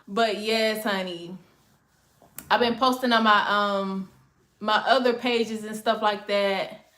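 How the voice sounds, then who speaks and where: A woman's voice: medium pitch, a bit bright. A woman, chatting casually and rambling to her livestream viewers, calling them y'all and honey. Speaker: livestream host. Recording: echoey room.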